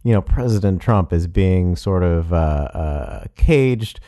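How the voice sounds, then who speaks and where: A man's voice: low voice, lively intonation, takes it slowly, mellow. A man commenting on a speech clip in a conversational, admiring way, with fillers and self-corrections.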